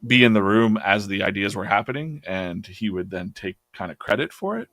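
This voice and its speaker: A man with a lowish, fairly bright voice and lively intonation speaks fairly quickly. He's an artist hosting a live drawing stream, chatting casually as he draws. He retells a story in a loose, rambling way, full of fillers, restarts and self-corrections.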